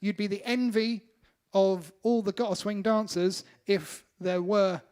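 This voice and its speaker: A man's voice: sits high, steady tone, measured pace, darkish tone, clear, resonant tone. A man, a band member, bantering on a livestream, teasing his bandmate and laughing often. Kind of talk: casual chat on a livestream.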